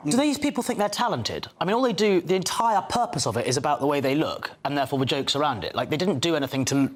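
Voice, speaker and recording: A male comedian on a panel, quick, exasperated and sarcastic in his banter. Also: a little high, animated.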